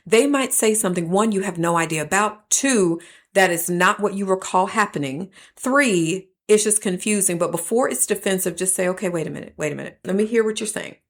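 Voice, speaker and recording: A woman, hosting a faith-based teaching talk and addressing listeners as "y'all" in an earnest, preacher-like way. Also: medium pitch. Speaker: podcast host.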